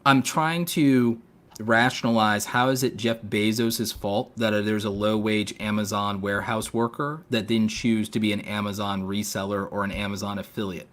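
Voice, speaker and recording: A man hosting a casual podcast with a fairly low voice. He talks in long, winding runs packed with "like" and "um", and turns sarcastic to make a point. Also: fairly even intonation, moderate pace, fairly bright tone. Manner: rambling, sarcastic, filler-heavy. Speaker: podcast host.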